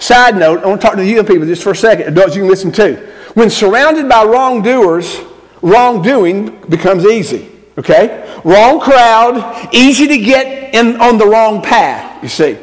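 A male pastor, preaching a sermon in a conversational way and often checking in with his congregation. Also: sits high. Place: church sanctuary. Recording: long reverb in a church.

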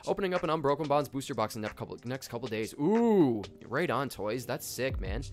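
A man's voice: mid-range voice, a little fast. Hyped young man on a live stream. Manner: excitable, shouts out chat names, laughs often. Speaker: streamer opening card packs. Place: home office. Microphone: desk microphone. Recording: loud game music under the voice. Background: game music.

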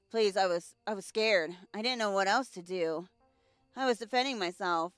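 A young woman commenting on her gameplay, excitable, swearing and joking. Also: mid-range voice, normal speed, clear, resonant tone, dry recording, faint music behind. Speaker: gaming channel host. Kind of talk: let's play commentary.

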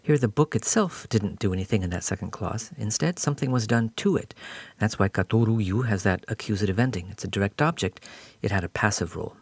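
A man's voice: lowish voice, fairly quick, husky, no room sound. A man giving a patient, explanatory recorded grammar lesson as a language teacher.

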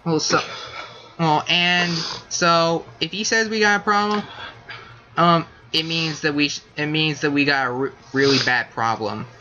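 Chatty young man with a sharp voice. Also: a little high, normal speed, dull audio. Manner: rambling, self-correcting, chatty. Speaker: gaming channel host. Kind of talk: casual let's-play commentary.

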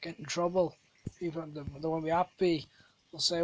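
A gamer chats loosely over their own play, drifting off into silly tangents and teasing themselves. The voice sits at an ordinary middle pitch, neither high nor low. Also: steady tone, moderate pace, darkish tone, dry recording. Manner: rambling, jokey, self-deprecating asides. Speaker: gamer, channel host. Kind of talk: casual gameplay commentary.

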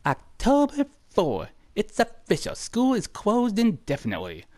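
A chirpy, high young kid reads a diary entry in a sing-song lilt, as a man puts the voice on. The voice sits well above a man's usual range and has a close, dry sound. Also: wildly swooping pitch, measured pace, mellow, no echo, exaggerated voice. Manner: sing-song, exaggerated reading voice.

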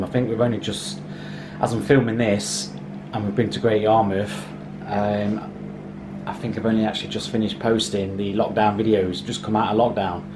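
A man chatting casually to camera for his family vlog at home, holding the camera himself. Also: noisy background. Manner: chatty, coaxing pets in a high sing-song voice. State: out of breath after a workout. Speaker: vlogger. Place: house and garden.

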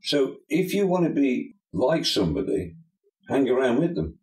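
A man's voice: medium pitch, big pitch swings, moderate pace, darkish tone. An older man, a pastor and bishop, talking emphatically in an interview, full of folksy sayings. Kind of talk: preacherly interview talk. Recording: echoey room.

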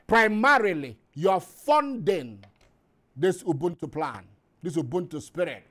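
A man hosting a show, delivering an impassioned, preaching monologue full of repetition and rhetorical questions. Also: on the high side. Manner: rising to emphatic peaks. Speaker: host.

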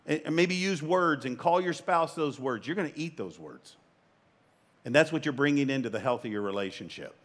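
At a moderate pace and fairly high pitch, a pastor in his fifties gives his sermon. His style is emphatic and conversational with joking asides, and his voice spikes in excited bursts.

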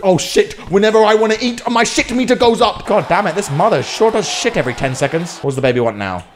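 A man's voice: high voice, expressive, fast, slight background noise. A man ranting and swearing his way through comedic gameplay commentary. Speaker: gaming YouTuber.

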